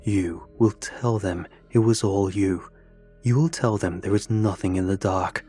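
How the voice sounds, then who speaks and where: A low, near-growling monster in a sharp suit, as a man puts him on for a horror story. Each word comes slow, cold and commanding, with a faint bed of music underneath. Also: husky. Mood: menacing. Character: menacing male monster in a businessman's guise.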